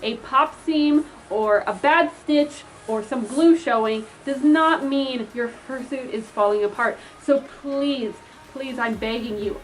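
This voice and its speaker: Chatty young woman fursuit maker, slightly high voice. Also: rough recording. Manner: chatty, pleading, acts out quoted messages. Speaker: fursuit maker giving advice. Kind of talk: casual advice vlog.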